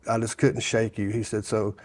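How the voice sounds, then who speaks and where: A man recounts his past in a relaxed interview, speaking in a slightly low voice. He circles back and restarts his sentences often, filling the gaps with "you know" and acting out what others told him. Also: moderate pace. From Sevier County, Tennessee. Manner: rambling with many restarts and fillers, quoting others. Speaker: guest sharing his testimony. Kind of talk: casual storytelling interview.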